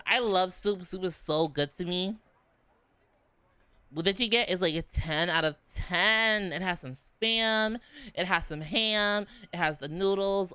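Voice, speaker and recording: A man's voice: sits high, animated, takes it slowly, long pauses, pushed and bright, clean tone, no echo. A man chatting casually on a stream, bubbly and playful, rambling and giggling as he talks from his room at home. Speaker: VTuber streamer.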